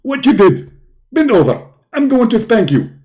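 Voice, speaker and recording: A man's voice: very high-pitched, sing-song, moderate pace, dark tone, pitched above the performer's own voice. A man voicing a stern, mocking male angel who repeats his rebukes. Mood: scolding. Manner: repetitive, sarcastic rebuke.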